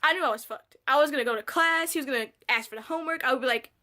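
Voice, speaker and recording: Bright high-voiced young woman telling a story. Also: rapid-fire. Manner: candid, swearing, animated re-enactments. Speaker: vlogger. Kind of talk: casual storytime.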